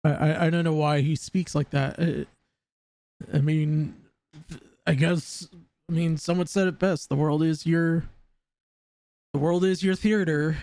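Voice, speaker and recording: A man's voice: on the high side, fairly even intonation, unhurried, pauses often, darkish tone, no echo. A man live-streaming casual commentary, rambling and often stammering over repeated words.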